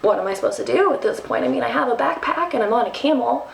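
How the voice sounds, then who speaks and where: A young woman from Texas telling a travel story to the camera, animated and self-mocking, with lots of ums and restarts. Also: on the high side, fast, vocal fry, a little hiss or hum. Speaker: vlogger. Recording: roomy, from a distance.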